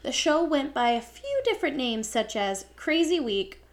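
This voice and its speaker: Bright-voiced woman podcast host. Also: high-pitched, sing-song, normal speed. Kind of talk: scripted podcast narration.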